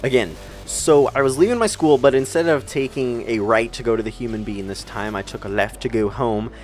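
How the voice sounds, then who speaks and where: A teenage man from America telling funny driving stories over gameplay, swearing freely and jumping into squeaky voices for the people he quotes. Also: fairly quick, a little mellow, soft background music. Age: teens. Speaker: gaming channel host. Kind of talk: storytelling commentary over gameplay.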